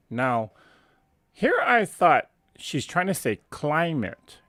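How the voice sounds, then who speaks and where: A man's voice: fairly high pitch, sing-song, slow, pushed and bright, no echo, clean studio sound. A man hosting a live stream, casually telling a family anecdote in a rambling, self-correcting way and chuckling at his own story. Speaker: host.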